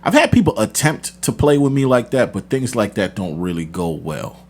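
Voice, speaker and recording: A man's voice: on the low side, normal speed. Confident man chatting casually on a podcast. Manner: confident, animated storytelling. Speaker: podcast host. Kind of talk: casual chat.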